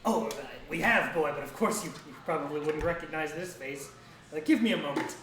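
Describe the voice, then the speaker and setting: Man playing an old dragon guardian, slow and bellowing, roomy sound. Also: on the high side, background noise, lightly acted. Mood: grave. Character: ancient gold dragon in old dwarf guise, grave. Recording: echoey room.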